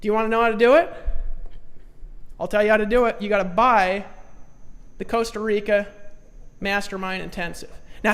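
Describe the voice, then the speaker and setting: A man hosting a live stream and delivering an emphatic, repetitive sales pitch in a folksy, plain-spoken way. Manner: emphatic, repetitive, folksy, pushes the audience to commit. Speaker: online marketing trainer hosting a live stream.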